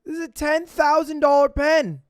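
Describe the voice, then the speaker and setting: A man's voice: extremely high pitch, little pitch movement, moderate pace, no echo, clean studio sound. A young man streaming and chatting casually with viewers, telling a story and acting out the voices of the people in it. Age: young adult.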